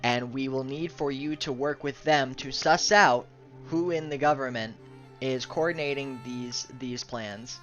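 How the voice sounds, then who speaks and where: A man's voice: medium pitch, fairly bright tone, soft background music, close to an everyday voice. A man playing a formal royal official giving orders. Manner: measured, formal, hesitant with fillers. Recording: muffled lo-fi audio.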